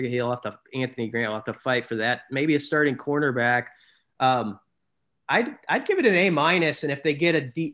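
A man's voice: medium pitch, fairly bright tone. A man co-hosting a casual sports talk show, rambling and often correcting himself as he gives his opinions.

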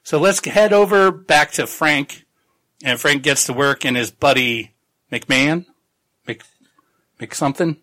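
A man's voice: a little high, a little slow, pauses often, sharp tone. A man hosting a podcast, casually recapping a novel in a rambling, jokey way with plenty of swearing. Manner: rambling, jokey recap full of laughs and profanity. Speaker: podcast host. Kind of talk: casual book-club chat.

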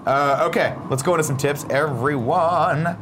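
A man's voice: mid-range voice, expressive, fairly quick, noisy background. A man co-hosting a casual morning show, joking around and reading viewer messages aloud. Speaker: co-host.

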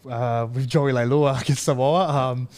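Laid-back young man telling stories. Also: medium pitch. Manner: relaxed, halting, many fillers and restarts, laughs through stories. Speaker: interview guest, rugby league player. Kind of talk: casual storytelling interview.

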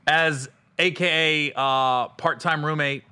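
A man's voice: fairly high pitch, slow pace, clear, resonant tone. A man from Cincinnati hosting a podcast, telling stories in a casual comedic chat and acting out quotes. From Cincinnati, USA. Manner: animated storyteller, acts out quotes. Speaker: podcast host.

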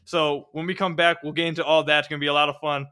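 A man hosting a casual sports podcast, talking fast and energetically and sometimes tripping over his words. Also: a little high, little pitch movement, pushed and bright, clean tone. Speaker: podcast host. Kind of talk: casual sports podcast chat and host-read ads.

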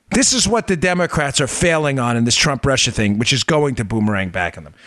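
A man's voice: mid-range voice, expressive, fairly quick, few pauses, a bit bright, no echo. A male podcast host giving political commentary, talking emphatically, firing rhetorical questions and speaking straight to his listeners.

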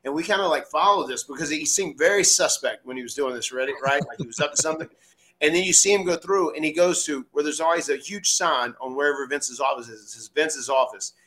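Animated storytelling man, bright voice. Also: fairly high pitch, fast talker. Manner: animated, acts out quotes loudly, laughs often. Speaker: podcast host telling stories. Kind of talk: casual storytelling.

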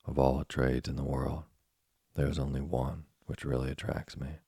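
Pinocchio, a deep gravelly man voicing a defiant puppet boy. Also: level tone, normal speed, dark tone, no echo, studio quality, full character voice. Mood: impatient. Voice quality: gravelly and husky. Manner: impatient and defiant. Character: cheeky rebellious wooden puppet boy.

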